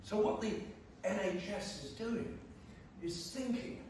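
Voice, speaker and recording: A man's voice: high voice, unhurried, a little mellow, slight background noise. A man giving a blunt, emphatic, jokey speech to a community meeting in a church hall. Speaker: guest panellist. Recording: very echoey church hall, far from mic.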